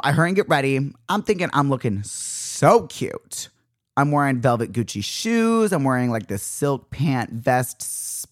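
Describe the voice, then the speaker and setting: Young man, podcast host, solo rant, dramatic, lively pitch, dry recording. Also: no room sound. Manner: dramatic, exasperated storytelling with big pitch jumps.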